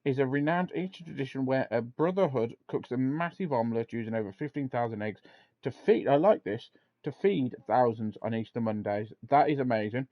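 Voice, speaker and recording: Laughing podcast host, dull lo-fi sound. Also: male voice, mid-range voice, brisk, dry recording. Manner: laughs often, swears casually, reads aloud from a web page. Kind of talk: casual chat.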